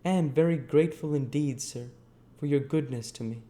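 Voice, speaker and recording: A man's voice: on the high side, normal speed, warm tone, pitched above the performer's own voice, natural voice. A man voicing a frail, polite young boy who is recovering from illness, in a storybook reading. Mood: meek. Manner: meek and polite.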